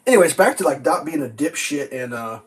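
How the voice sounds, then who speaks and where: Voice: medium pitch, animated, brisk. Rambling, sarcastic home vlog host. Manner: rambling, sarcastic, profane, laughs often. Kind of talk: casual rambling rant at breakfast. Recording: distant mic with faint noise.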